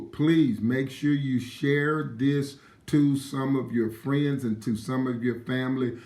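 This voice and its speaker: A man delivers a motivational talk in a preachy, emphatic style, repeating key phrases and calling out viewers by name. His voice sits in an ordinary middle pitch. The room around him is echoey. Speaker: live stream motivational speaker.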